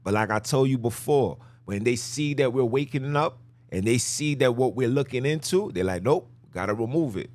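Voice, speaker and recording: A man's voice: mid-range voice, normal speed, a little mellow. A man hosting a podcast, giving emphatic, repetitive religious commentary in casual slang while he talks his listeners through slides. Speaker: podcast host.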